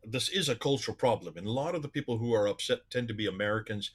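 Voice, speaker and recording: A man hosting an interview, asking questions with halting restarts. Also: on the low side, slightly rough. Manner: hesitant, stammering questions. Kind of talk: conversational interview.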